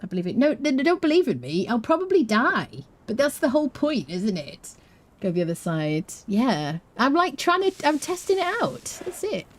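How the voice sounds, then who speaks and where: Lively-voiced woman streamer chatting to chat. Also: high voice, normal speed. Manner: chatty, laughs often, playful asides to chat. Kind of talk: live game commentary.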